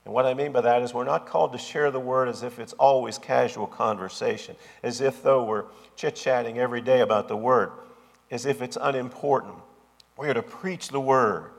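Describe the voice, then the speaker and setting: A man preaching a sermon as pastor, with an emphatic, repetitive cadence. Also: mid-range voice. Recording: long hall reverb.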